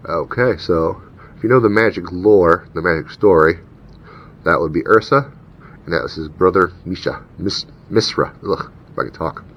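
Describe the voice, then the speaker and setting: Very low-voiced man for a casual unboxing; reads names and rules aloud, slightly muffled. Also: moderate pace. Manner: reads card names and rules text aloud, chatty asides. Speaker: channel host opening card packs. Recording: dull lo-fi recording with faint rumble.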